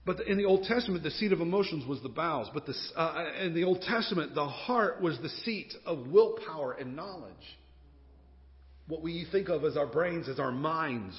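A man delivers a sermon with a high, lifted voice, easygoing and humorous in his storytelling, then fervent as he declares his faith. The sound is slightly dull, and a long reverb rings around him as if in a large sanctuary. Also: expressive, normal speed. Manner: conversational and joking, rising to fervent declarations. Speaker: pastor.

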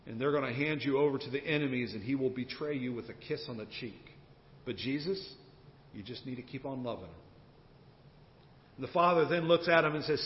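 A man's voice: medium pitch, a little fast. A male pastor preaching a sermon, telling the story with earnest, dramatic delivery. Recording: dull sound with long church hall reverb and faint noise.

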